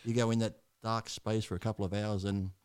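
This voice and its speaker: A man tells his story bluntly, swearing often and rambling from one thought to the next. He talks quickly, and his voice sits on the lower side. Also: level tone, darkish tone, clear, resonant tone. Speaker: guest. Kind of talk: candid podcast storytelling.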